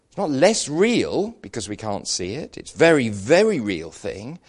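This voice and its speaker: Animated preacher, lively pitch. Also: male voice, normal speed. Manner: animated storyteller with self-deprecating humour. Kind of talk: sermon.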